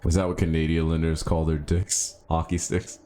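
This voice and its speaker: A male gaming streamer with a very low voice talks through his play in a loose, casual way. He muses out loud and jumps into excited yelps. A faint hiss sits under the recording. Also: normal speed. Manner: chatty, thinks aloud, bursts into excited yelps. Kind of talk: casual live gameplay commentary.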